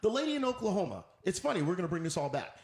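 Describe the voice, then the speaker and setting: A man's voice: sits high, very animated, racing, darkish tone, reverberant. A man hosting a talk radio show, ranting in an emphatic, preachy way and repeating his points. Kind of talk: opinionated talk radio rant.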